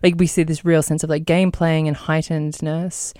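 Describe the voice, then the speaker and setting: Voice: medium pitch, little pitch movement, normal speed, mellow, smooth, dry recording, studio quality. A co-host of a podcast, thoughtful and a little hesitant, pushing back politely in a casual review chat.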